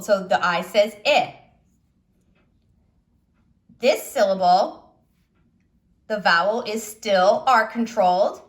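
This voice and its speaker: A woman teacher with a medium-pitched voice gives children a slow, patient phonics lesson, asking them questions along the way.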